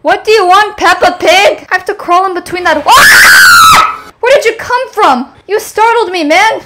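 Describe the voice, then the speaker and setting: A young woman plays a horror game, screaming at scares and jokingly taunting the monsters over loud game music and background noise. Her voice is very high-pitched and animated, at a measured pace.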